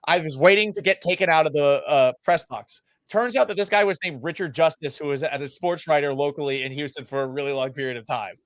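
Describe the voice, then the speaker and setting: A fairly high-voiced man, a sports radio host, tells lively anecdotes with plenty of swearing and jokes at his own expense. He is from Massachusetts. The sound is dry and close. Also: fast talker, no room sound. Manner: self-deprecating, profane, animated anecdotes. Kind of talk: casual storytelling in a podcast interview.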